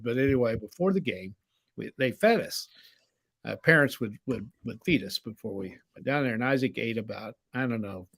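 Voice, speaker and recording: An older man co-hosting a casual sports podcast, telling lively stories, laughing as he goes and acting out what people said. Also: medium pitch, dry recording. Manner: animated storyteller, acts out quoted voices, laughs often. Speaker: co-host. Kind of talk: casual storytelling chat.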